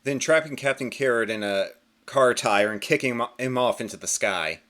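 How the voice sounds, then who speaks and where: A man's voice: medium pitch, normal speed. A man in a chatty, casual comic-book review, often correcting himself as he talks. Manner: chatty, self-correcting, lively intonation.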